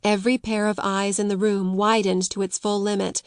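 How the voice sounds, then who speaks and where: A woman reading a classic novel aloud as an audiobook narrator, in measured storytelling. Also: medium pitch, little pitch movement, smooth, no room sound, studio quality. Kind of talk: scripted narration.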